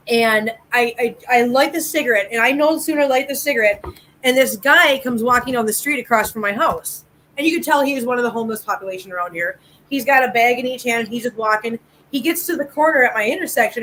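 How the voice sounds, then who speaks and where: A high-pitched, middle-aged woman hosting a relaxed live chat with a friend. She rambles through anecdotes, laughs a lot and swears casually. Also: rough recording. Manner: chatty storyteller, laughs often, swears casually. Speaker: livestream host.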